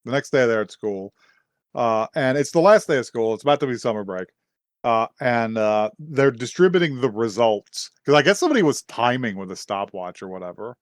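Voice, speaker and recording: A man's voice: mid-range voice, dry recording, clean studio sound. A young man co-hosting a podcast, casually recapping an anime episode, often laughing and acting out the characters' lines. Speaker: podcast co-host.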